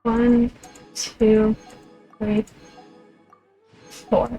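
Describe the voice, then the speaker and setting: A woman's voice: fairly high pitch, level tone, very slow, dark tone, highs cut off. Tearful woman streamer. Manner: emotional, swearing, close to tears. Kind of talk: casual live game commentary. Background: game music.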